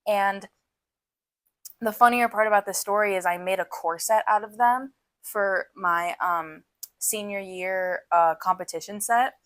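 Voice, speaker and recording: A woman's voice: mid-range voice, measured pace, fairly bright tone, dry recording. A young adult woman co-hosting a podcast in casual chat, rambling and giggly, often saying "literally". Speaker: podcast co-host.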